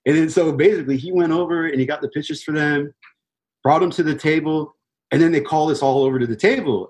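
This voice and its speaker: A man's voice: a little high, darkish tone, husky, low-quality recording. A young man telling a rambling story about his band in a casual, laid-back chat. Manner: laid-back, rambling, heavy fillers, swears freely. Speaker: touring band musician.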